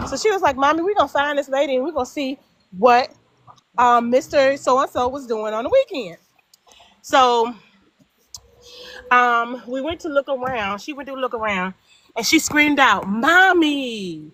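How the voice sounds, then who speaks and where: A middle-aged woman telling a personal story in casual chat, animated and emphatic, acting out both sides of the dialogue. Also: high voice, moderate pace. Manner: emphatic repetition. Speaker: guest storyteller.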